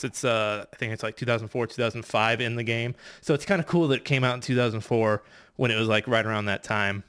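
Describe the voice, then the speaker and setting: A man's voice: medium pitch, steady tone, fast talker, fairly bright tone, clear, resonant tone. A man racing through a casual game recap, rambling and profane, full of fillers and restarts. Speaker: podcast competitor recapping a game.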